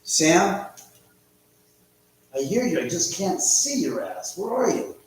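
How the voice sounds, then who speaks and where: A man's voice: high voice, very animated, takes it slowly. A man hosting a live stream from home, casually rambling, joking and reading chat aloud. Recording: echoey room with faint hum.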